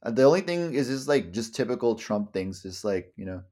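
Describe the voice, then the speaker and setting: Young guy rambling on a podcast, swears a lot, keeps tripping over his words, average pitch. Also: very animated, brisk, mellow. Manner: rambling, profane, many restarts and stammers. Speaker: podcast co-host. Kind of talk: casual chat.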